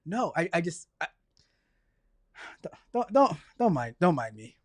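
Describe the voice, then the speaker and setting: A man hosting a casual livestream, chatty and energetic, rambling along and stumbling over repeated words. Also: on the high side, measured pace. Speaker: livestream host.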